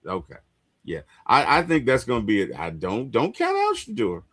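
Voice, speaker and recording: Animated man bantering on a sports podcast. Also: medium pitch, moderate pace. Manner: animated, repeats himself, playful banter. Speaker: podcast co-host. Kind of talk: casual sports podcast chat.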